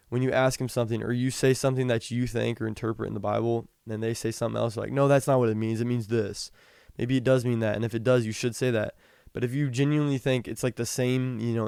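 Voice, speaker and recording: A young man hosting a podcast, talking casually about the Bible, reading scripture slowly and rambling with frequent restarts. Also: mid-range voice, darkish tone, clean tone, dry recording, studio quality. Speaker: podcast host. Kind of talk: casual Bible teaching talk.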